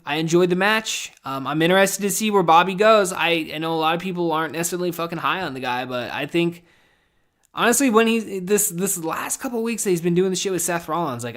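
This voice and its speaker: A young man with a slightly higher-than-usual voice hosts a casual podcast recap. He rambles through the week, swearing freely and mocking himself as he goes. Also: a bit bright. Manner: rambling, profane, self-mocking. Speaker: podcast host.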